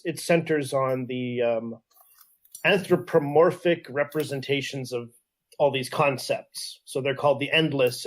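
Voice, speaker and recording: A Canadian man co-hosting a casual podcast, explaining things in an enthusiastic, rambling way full of fillers. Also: medium pitch. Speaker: podcast co-host. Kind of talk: casual chat.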